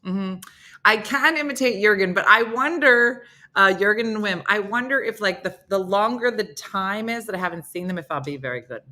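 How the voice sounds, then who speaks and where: A woman's voice: mid-range voice, moderate pace, pushed and bright. A woman hosting a casual morning show from New Jersey, chatting in a rambling way and laughing often. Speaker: host.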